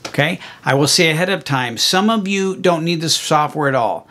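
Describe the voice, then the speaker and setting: A man teaching music, walking through a software tutorial in a friendly, explanatory way with plenty of okays and ums. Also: on the high side, expressive, moderate pace. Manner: friendly, explanatory, fillers like okay and um. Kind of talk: screen-recorded software tutorial.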